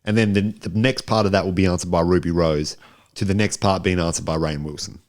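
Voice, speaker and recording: Deep-voiced man joking about a movie. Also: fairly even intonation, brisk. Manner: laid-back, joking, facetious. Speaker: podcast co-host. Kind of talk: casual movie review chat.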